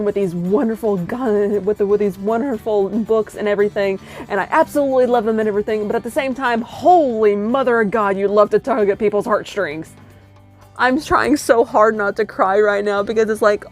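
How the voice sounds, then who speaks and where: A woman's voice: medium pitch, brisk, faint music behind. A young woman reviewing a book in a casual vlog, gushing and dramatic, with lots of fillers. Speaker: book vlogger.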